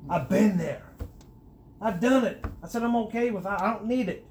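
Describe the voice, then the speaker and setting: A middle-aged man with a high voice tells his life story in an earnest, conversational way, restarting his sentences often. He grows animated when he stresses a point. A faint hiss sits under the recording. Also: moderate pace. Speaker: guest sharing his testimony. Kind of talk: personal testimony, conversational.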